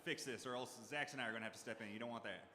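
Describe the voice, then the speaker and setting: A man's voice: mid-range voice, rapid-fire. A man playing a tabletop game live, playful and hesitant, recorded in an echoey hall with a crowd. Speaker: player.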